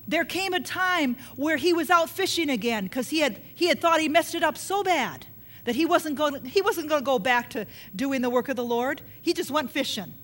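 Woman preacher w a high voice, repeats herself a lot, keeps asking the crowd questions. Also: expressive, normal speed, a bit bright. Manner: emphatic and repetitive, asks the listeners questions. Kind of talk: sermon.

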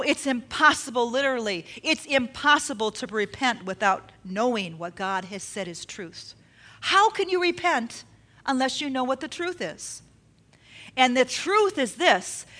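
A woman preaching a sermon, expressive, acting out the quotes she tells and dropping her voice low for emphasis. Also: normal speed. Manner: expressive, acts out quotes with dramatic drops in volume.

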